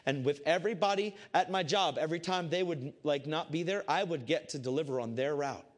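A man giving a casual, animated Christian testimony to a group. He swings between loud excitement and hushed intensity. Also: a little high, fairly quick. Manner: casual, repeats "I said" often. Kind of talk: testimony storytelling to a crowd.

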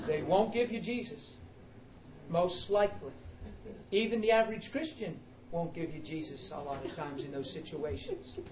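High-voiced emphatic preacher. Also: male voice, unhurried, reverberant, lo-fi sound, a little hiss or hum. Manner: emphatic, animated, calls out to the congregation. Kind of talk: sermon.

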